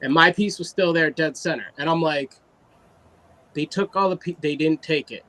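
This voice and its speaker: A man casually telling an animated story about his art, full of fillers and quoted asides. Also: on the high side, moderate pace, rough recording. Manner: animated, loose anecdote with fillers. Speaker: guest artist.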